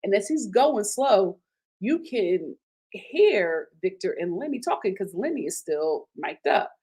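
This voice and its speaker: A woman hosting a casual reality TV review. She talks in an animated, emphatic way and repeats her lines for effect. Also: mid-range voice, unhurried, husky. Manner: retells scenes in quoted voices. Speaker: host of a TV recap channel.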